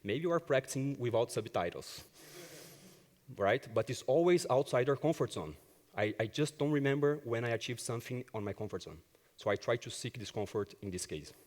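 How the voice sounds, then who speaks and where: A man of medium pitch talks fairly quickly, and his words ring out with a long reverb tail. As an agile coach presenting at a conference, he tells his own stories in a lively way, voicing the dialogue as he goes.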